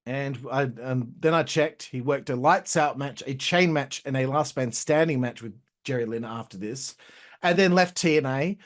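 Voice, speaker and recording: A man's voice: mid-range voice, normal speed. Profane man ranting as host. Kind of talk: casual wrestling review commentary.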